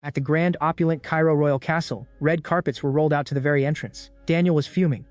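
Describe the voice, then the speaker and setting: A man giving brisk, casual scripted narration as a story recap narrator. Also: on the high side, steady tone, darkish tone, no room sound.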